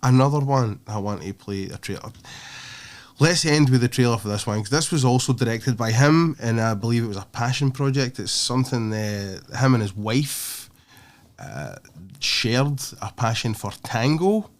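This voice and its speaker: A man hosting a podcast, chatting casually and excitedly about films, swearing freely and rambling. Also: medium pitch, moderate pace. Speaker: podcast host.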